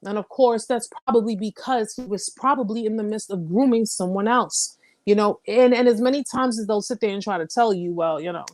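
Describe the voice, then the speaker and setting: A woman's voice: on the high side, brisk, a little mellow, no room sound. A young adult woman hosting a casual live-stream chat, reading viewer comments aloud and talking candidly, repeating phrases for emphasis.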